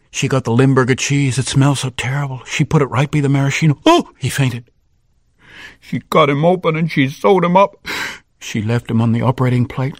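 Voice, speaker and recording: A man telling a children's story aloud, lively, with sound effects and cheers. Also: mid-range voice, normal speed, no room sound, clean studio sound. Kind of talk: animated oral storytelling.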